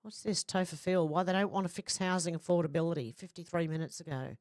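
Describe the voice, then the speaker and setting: A woman's voice: on the low side, fast talker, darkish tone, no room sound, clean studio sound. A woman hosting a casual live stream, reading out viewer comments and rambling in a chatty way. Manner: chatty, rambling, laughs easily.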